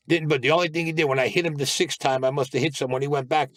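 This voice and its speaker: A man's voice: a little high, fairly even intonation, racing, few pauses, no room sound, clean studio sound. Blunt, profane man telling old stories. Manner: blunt, profane, acts out quoted dialogue. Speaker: guest recounting past crimes. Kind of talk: storytelling interview.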